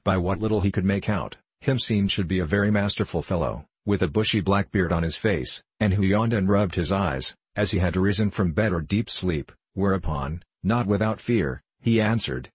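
Low, husky male storyteller. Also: dry recording. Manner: measured, archaic storytelling. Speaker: narrator. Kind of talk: scripted narration of a classic tale.

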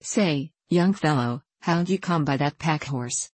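A gruff old ranch man with a drawl, talking plain and country, as a woman reading a western storybook puts him on. The voice sits low and close, in a dry room. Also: a little slow, a little mellow, no room sound. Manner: drawling, folksy speech.

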